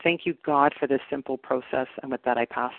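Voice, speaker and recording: A woman's voice: very deep voice, creaky, no echo. A woman giving an earnest, reflective personal share at a recovery meeting, on a phone call. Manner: earnest, reflective, slow emphatic phrases. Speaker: meeting member sharing. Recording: tinny phone line.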